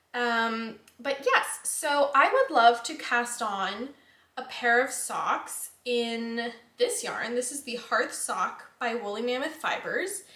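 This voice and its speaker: A young woman hosts her knitting vlog in a loose, chatty way, trailing off and circling back with plenty of likes and ums. Her voice sits a little high, and the room around her rings with a noticeable echo. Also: fairly bright tone. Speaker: knitting podcast host. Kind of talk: casual chat. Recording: echoey room.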